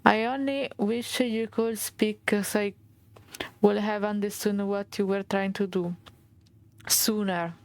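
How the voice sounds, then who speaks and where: A woman with an Italian accent reading a game's fairy tale aloud as a streamer, halting and restarting, with Italian asides. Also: mid-range voice, fairly even intonation, dry recording. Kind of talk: reading game text aloud.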